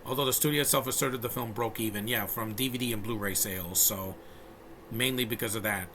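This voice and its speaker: A man's voice: on the low side, brisk, noisy background. A man giving a casual, opinionated film review, rambling with frequent restarts and blunt asides.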